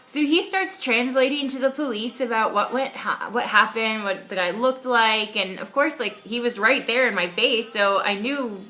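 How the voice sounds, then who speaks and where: A young woman casually recounting a personal story, animated, with frequent fillers and restarts. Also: medium pitch.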